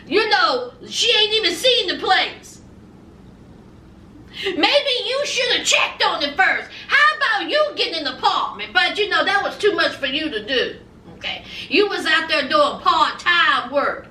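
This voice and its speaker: Sassy high-voiced woman vlogger. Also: sing-song, a little slow, pushed and bright, recorded from a distance, a little hiss or hum. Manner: sassy, addresses viewers as honey and y'all. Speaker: reality TV reviewer. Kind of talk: casual vlog review. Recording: roomy echo, a bit off-mic.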